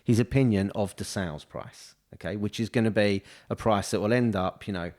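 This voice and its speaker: Talking a little fast in a fairly low, slightly mellow voice, the estate agent co-host works through his points on a casual podcast. The studio mic captures loose, rambling speech full of restarts and "you know".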